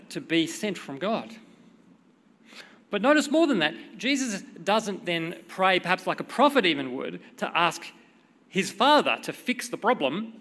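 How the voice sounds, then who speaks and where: Bright-voiced middle-aged preacher in a reverberant hall. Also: male voice, high voice. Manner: conversational, expressive, reads scripture dramatically. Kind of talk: sermon with prayer and storytelling.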